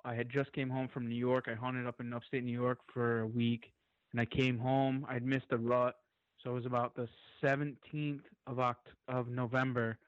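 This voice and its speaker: A man as a podcast guest, telling a long story in an excited, rambling way and swearing freely. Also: mid-range voice, normal speed, clean tone, dry recording, highs cut off.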